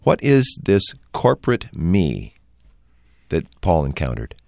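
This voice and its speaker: A man hosting a religious radio program, introducing a question to his co-host in a smooth, lively way. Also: low-pitched, slow, dry recording, studio quality.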